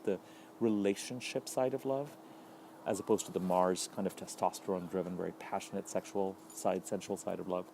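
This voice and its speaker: A man giving a solo astrology update, thoughtful and unhurried, listing ideas in repeated phrases. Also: on the low side, dark tone, a little hiss or hum.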